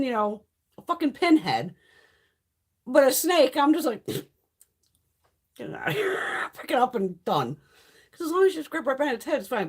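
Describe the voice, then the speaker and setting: Middle-aged woman livestream host, husky, animated, foul-mouthed storyteller. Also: sits high. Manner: profane, blunt storytelling, reads chat comments. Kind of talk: casual live-stream chat.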